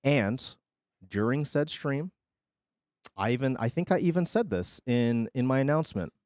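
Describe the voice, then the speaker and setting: A man streaming, telling his chat a story in a casual, animated way, swinging between loud and quiet and swearing freely. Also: medium pitch, normal speed, no echo, clean studio sound.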